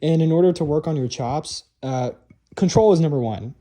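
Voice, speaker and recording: A man's voice: on the high side, moderate pace. A young man casually explaining how to hold a marching drum stick, talking loosely with lots of fillers and restarts. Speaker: drumline instructor. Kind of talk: casual instructional talk. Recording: noisy room recording.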